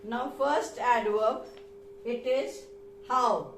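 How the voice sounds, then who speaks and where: Female teacher, high voice, unhurried, explains patiently, echoey room. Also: background noise. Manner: slow, deliberate, repeats key words, switches into Hindi to explain. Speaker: English teacher. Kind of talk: grammar lesson.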